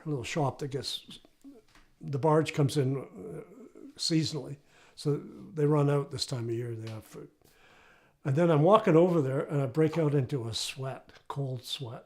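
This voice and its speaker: A man's voice: medium pitch, a little mellow. An older man, a retired professor, telling a personal story in a casual, anecdotal way during an interview. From Canada. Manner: casual, anecdotal, often asks "right?".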